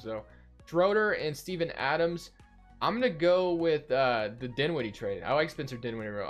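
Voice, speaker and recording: A young man casually commentating his basketball video game, rambling and thinking aloud with lots of fillers. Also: fairly high pitch. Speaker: gaming video host.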